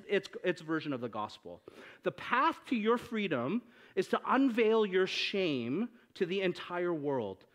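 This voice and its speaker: A man in his thirties preaches a sermon with a high voice that swings widely up and down. He is animated and jokey, and he keeps turning to the crowd with questions. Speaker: pastor.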